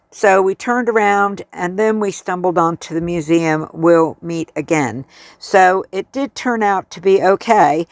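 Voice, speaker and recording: Slow-talking American travel vlogger. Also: mid-range voice, no echo. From United States. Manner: chatty, friendly tour-guide storytelling. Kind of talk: casual travel vlog narration.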